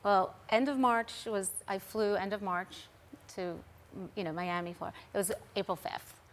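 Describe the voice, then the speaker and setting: A woman's voice: medium pitch, moderate pace. A middle-aged woman, a guest on a TV talk show, earnestly recounting a personal story and quoting what others said. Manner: earnest, recounting events with quoted dialogue.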